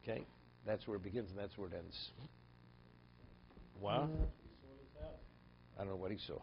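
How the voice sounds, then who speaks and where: A man's voice: low voice, fairly even intonation, normal speed, gravelly, dull audio, noisy background. A man who is a rabbi giving a religious text lesson, telling stories, asking rhetorical questions and often repeating words. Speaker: rabbi teaching a daily class.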